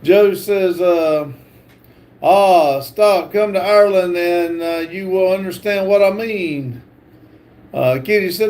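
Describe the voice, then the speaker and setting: A man hosting a livestream, reading viewer comments aloud with halting pauses and fillers. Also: high-pitched, darkish tone. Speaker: livestream host.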